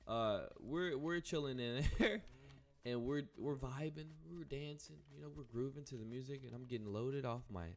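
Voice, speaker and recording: A man's voice: mid-range voice, normal speed. A young man casually telling a rambling, profane story while playing a game. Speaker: gaming streamer.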